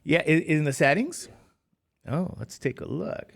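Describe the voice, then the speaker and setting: A man's voice: on the high side, expressive, unhurried, creaky. A middle-aged man teaching math in a casual lecture, tired and rambling, with chatty self-deprecating asides. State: tired, sleepy.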